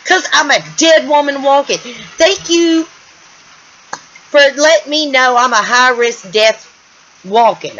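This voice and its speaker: An angry woman from the United States rants into her camera in a personal vlog, her voice fairly high and sharply forceful. She trips over her words and repeats herself, a little loopy. The sound is slightly dull and lo-fi, with faint noise in the background. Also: slow, long pauses. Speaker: vlogger. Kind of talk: emotional personal vlog rant. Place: home room.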